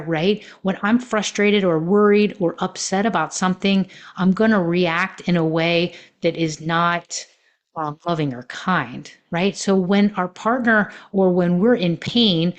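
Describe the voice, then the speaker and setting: A woman coaching on relationships in a podcast monologue, telling personal stories in a reflective way with many fillers. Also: lowish voice.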